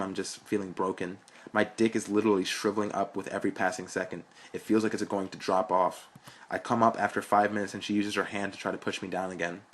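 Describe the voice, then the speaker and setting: A man's voice: on the low side, slight background noise. A young man reading a story aloud in a frank, blunt, profane way. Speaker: narrator.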